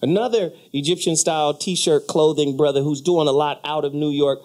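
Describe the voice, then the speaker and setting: A man hosting a radio talk show, hyped and animated as he plugs local businesses and goes to a break. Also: on the high side, normal speed. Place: radio studio.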